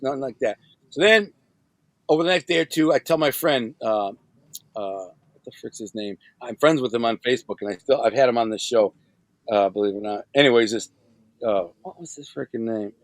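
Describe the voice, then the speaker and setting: A podcast guest from Michigan, a middle-aged man, tells a story in casual slang, voicing the other people's lines himself. His mid-range voice has a fairly bright tone, and the recording is dry.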